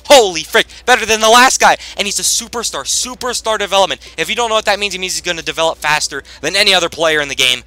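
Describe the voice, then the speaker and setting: A man giving casual, rambling gameplay commentary as he plays, with sudden loud bursts of hype. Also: on the high side, quick pace, hardly any pauses. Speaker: gaming commentator.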